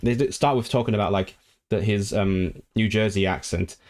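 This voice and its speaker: A man's voice: on the low side, normal speed, darkish tone. Chatty man reading stream comments. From Hong Kong. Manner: rambling, self-correcting, reads viewer comments aloud and responds animatedly. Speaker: language livestream host. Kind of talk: casual livestream chat reading comments.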